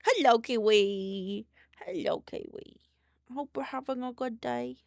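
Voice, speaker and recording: Young woman streamer, gravelly bit higher voice, swears a lot, chill chat. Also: expressive, a little slow, dry recording, clean studio sound. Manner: chatty and loose, swears casually, reads chat aloud.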